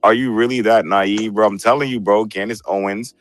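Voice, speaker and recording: A man's voice: on the low side, steady tone, a little fast. A man hosting a casual group chat on a video call, opinionated and repeating "bro" and "right" as he argues. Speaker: show host.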